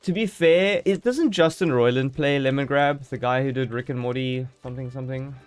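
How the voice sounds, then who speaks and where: A man's voice: mid-range voice, moderate pace, clear, resonant tone, faint music behind. A man streaming a game live, chatting casually and joking as he thinks aloud.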